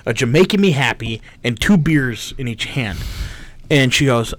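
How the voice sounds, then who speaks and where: A man in his twenties co-hosting a podcast, telling a story in a casual, animated, profane way. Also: medium pitch, moderate pace, dry recording. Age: 20s. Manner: animated, profane, mimics people in stories. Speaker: podcast co-host.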